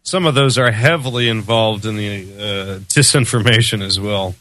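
Bright-voiced man, guest on talk radio. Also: fairly low pitch, moderate pace. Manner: hesitant, many fillers. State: unwell, recovering from fever. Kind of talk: casual talk radio interview.

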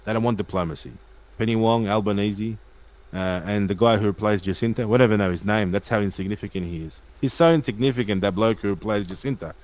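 A man's voice: fairly low pitch, fast talker, darkish tone, poor audio. A man hosting a casual live stream, reading viewer comments aloud and rallying his audience.

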